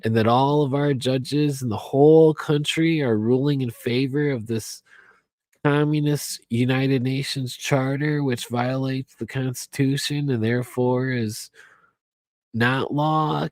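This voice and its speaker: A man's voice: mid-range voice, a little mellow, no echo. A tipsy man rambling on his radio show, profane and repetitive, circling back to the same points. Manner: profane, rambling, repeats himself. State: tipsy from alcohol. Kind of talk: rambling late-night talk radio monologue.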